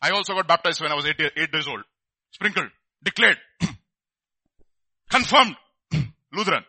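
A man preaching a lively sermon, asking his listeners rhetorical questions and acting out the people in his stories. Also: on the high side, a little slow, slightly rough, dry recording.

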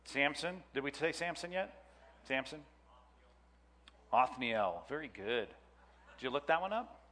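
Teacher, man, bright chatty delivery, quizzes the room, long hall echo. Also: mid-range voice, animated, unhurried. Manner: chatty, jokey, quizzes the class. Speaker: Bible teacher. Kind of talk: classroom lecture with audience questions.

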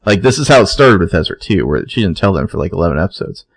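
A man's voice: deep voice, very animated, fast, slightly rough, no echo. A man co-hosting a podcast, laid-back and wry as he recaps a TV episode. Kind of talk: casual chat.

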